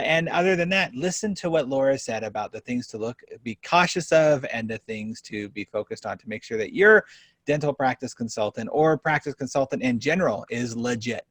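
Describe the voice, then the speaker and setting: A man's voice: medium pitch, fairly bright tone, no echo. A man hosting a podcast interview in a casual, upbeat and effusive way. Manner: upbeat and effusive, lots of praise. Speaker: podcast host.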